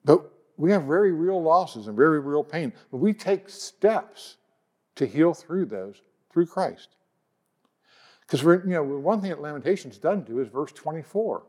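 Male pastor, mid-range voice, earnest sermon delivery with gentle scripture readings. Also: mid-range voice, animated. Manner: earnest preaching, reads scripture slowly and softly.

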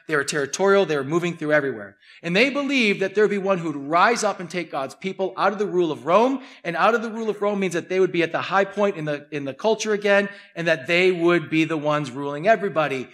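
Animated male pastor, high voice, vivid storytelling sermon. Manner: animated, acting out scenes.

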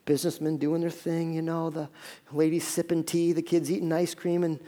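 A man preaching a sermon as pastor, telling a story with sudden loud peaks and hushed stretches, often restarting his words. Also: a little high, monotone, normal speed. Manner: storytelling, swinging from loud urgent peaks to hushed near-whispers.

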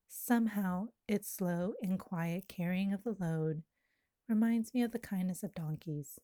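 A woman reading her own poem aloud in a slow, lyrical and intimate way. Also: mid-range voice, dark tone, no echo, clean studio sound. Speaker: poet. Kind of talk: poetry reading.

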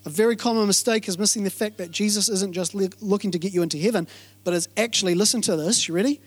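A man preaches in a high, bright-pitched voice. He is energetic, repeats his phrases for emphasis, and keeps quizzing the congregation to check they are following. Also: fast talker. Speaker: pastor. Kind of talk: sermon.

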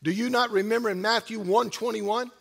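A man pastor preaching a sermon, building up with loud, repeated refrains. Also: high-pitched, steady tone, brisk, creaky. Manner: preaching with rising, shouted repetition.

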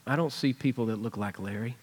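A man's voice: mid-range voice, fairly quick, a little mellow, husky. A man preaching a sermon in a church, conversational and earnest as he retells a personal story. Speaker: pastor. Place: church sanctuary.

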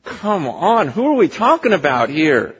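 Fervent male preacher, high husky voice, long hall echo on a dull lo-fi recording. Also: sing-song, measured pace. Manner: impassioned, swings from hushed to near-shouting. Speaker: pastor. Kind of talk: sermon. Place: church sanctuary.

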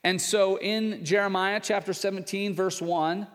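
A male pastor tells a story from the pulpit with an animated delivery and puts on loud, raised voices for other characters. His voice sits a little high for a man. A long hall reverb trails after his words. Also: unhurried. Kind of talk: sermon with personal story.

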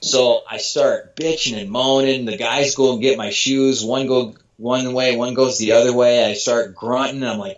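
Profane, animated man telling a story. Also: medium pitch, normal speed, dull audio. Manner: animated, profane, acts out quotes. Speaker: former elite runner, guest. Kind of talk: casual storytelling.

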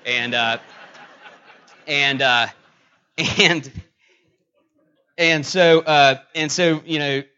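A middle-aged man preaching a sermon, telling a personal story with many halting fillers and restarts. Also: on the high side, fairly even intonation, pushed and bright, clear, resonant tone, muffled recording. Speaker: pastor.

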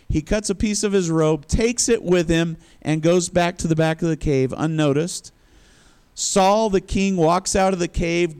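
A man delivers a sermon in a clear, smooth voice that sits a bit high for a man. He tells the story in a lively way, acts out the quotes and chuckles between lines. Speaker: pastor.

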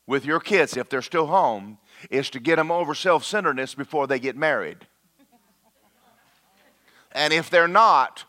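A man preaching a lively, conversational sermon and talking straight to his congregation. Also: on the high side.

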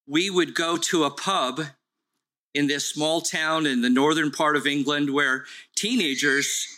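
Slow, bright-voiced male preacher. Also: on the high side, poor audio. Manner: earnest, slow storytelling preaching. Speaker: pastor. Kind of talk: sermon.

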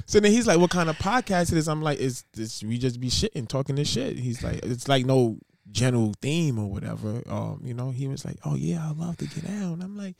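A man co-hosts a laid-back podcast, telling animated stories and acting out what others said. His voice is gravelly and a little high. The recording is dry and close. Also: a little fast, hardly any pauses, no room sound. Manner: animated storyteller, acts out quotes. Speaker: podcast co-host. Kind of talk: casual chat.

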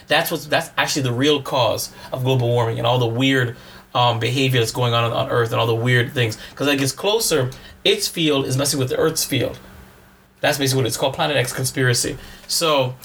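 A man's voice: mid-range voice, a bit bright, slight background noise. A man co-hosting a podcast in casual chat, teasing his co-host and rambling through explanations.

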